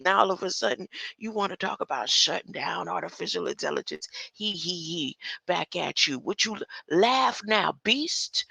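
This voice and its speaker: An older woman with a gravelly, bright-edged voice delivering a casual livestream rant. She talks slowly and in a confrontational way, with a lively pitch that swoops up and down, and she keeps tossing in rhetorical questions. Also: dry recording. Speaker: online commentator.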